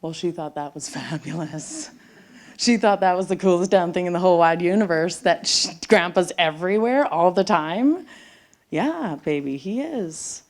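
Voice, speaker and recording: A middle-aged woman with a fairly low voice tells a personal story live on a theater stage before an audience, speaking at normal speed. Her delivery is intimate, dropping to near-whispers at tender moments.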